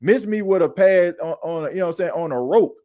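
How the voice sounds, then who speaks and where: A man's voice: high-pitched, animated, fairly quick, dark tone. A man hosting a sports podcast, ranting emphatically in casual slang. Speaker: podcast host. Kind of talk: animated sports talk monologue.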